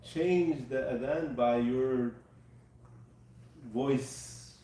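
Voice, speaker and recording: Male teacher, patient lecturing style, mellow tone, echoey room heard from a distance. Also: medium pitch, very slow. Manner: patient, checks with students. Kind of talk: live class teaching. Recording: echoey room, mic far off.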